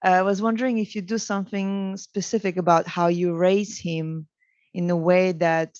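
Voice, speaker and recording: A woman's voice: fairly low pitch, flat delivery, moderate pace, a little mellow, dry recording, lo-fi sound. A woman in the audience asking a question hesitantly, searching for her words as she goes.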